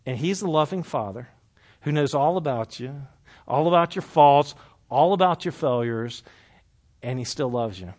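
A man preaches at a moderate pace in a conversational Bible study before a live group, bantering and asking questions with lively energy, and dropping soft and low for the sincere points.

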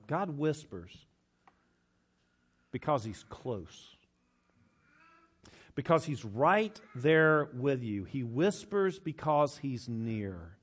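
A middle-aged man preaching a sermon. He swings from hushed to loud and slows down to stress his points. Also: mid-range voice. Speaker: pastor.

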